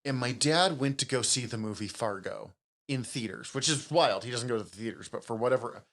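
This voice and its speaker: A young man co-hosts a relaxed podcast chat, telling stories with lively energy and quick laughs. His voice sits at a middle pitch, and he drops casual swearing into the banter. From Upper Midwest. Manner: animated storyteller, quick laughs, swears freely. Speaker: podcast co-host.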